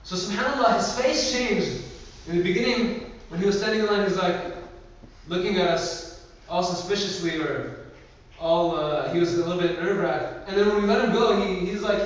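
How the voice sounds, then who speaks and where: A man's voice: sits high, a little fast. A young man giving a casual religious talk, telling stories and acting out the people in them, with lots of filler words. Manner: casual, filler-heavy, acts out quoted voices. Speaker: youth speaker. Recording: echoey hall recorded from far off.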